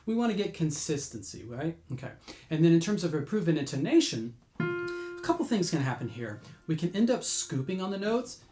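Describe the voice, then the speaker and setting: A man teaching singing warm-ups, explaining patiently between sung demonstrations. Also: big pitch swings, fairly quick, roomy sound, soft background music. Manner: explains patiently, breaks into high sung demos. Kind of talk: vocal lesson with sung demonstrations.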